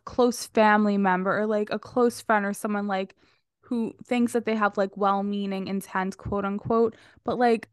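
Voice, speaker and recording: Dietitian lady hosting, flat even voice, smooth and clear, dry sound. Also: fairly high pitch, no room sound. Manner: supportive, lots of um and like. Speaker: dietitian, podcast host. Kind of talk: casual interview conversation.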